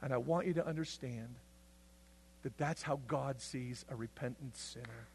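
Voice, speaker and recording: A male pastor preaching a sermon, swinging between loud, impassioned passages and hushed, intense ones. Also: medium pitch, normal speed, noisy background. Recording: long hall reverb.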